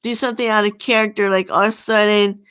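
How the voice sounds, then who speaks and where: Bright, tense-voiced woman rambling on. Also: medium pitch, steady tone, clear, resonant tone, rough recording. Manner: rambling, halting, with many fillers and restarts. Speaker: channel host. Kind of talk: unscripted spoken monologue.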